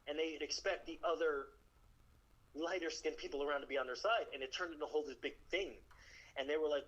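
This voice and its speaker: A Navy veteran telling stories in casual chat, acting out the people in them. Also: male voice, fairly high pitch, quick pace, highs cut off. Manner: animated, acts out the people in his stories.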